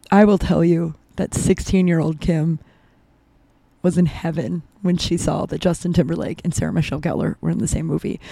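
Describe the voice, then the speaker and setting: A woman's voice: fairly low pitch, creaky, no room sound. A woman in her thirties tells a long, wandering story on her podcast. Her chat is casual and full of asides and filler words. The recording is dry, with no room sound. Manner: chatty, rambling, lots of "like" and asides. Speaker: podcast host.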